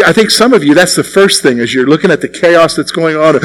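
A man's voice: fairly high pitch, expressive, a little fast, few pauses, rough recording. A male pastor preaching a conversational sermon, often asking the congregation questions.

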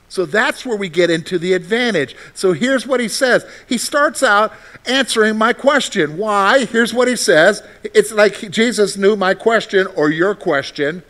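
High-voiced male preacher asking rhetorical questions. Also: a little slow. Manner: asks the congregation rhetorical questions, then answers them; swings between loud emphasis and quiet, confiding asides. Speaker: pastor. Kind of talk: sermon.

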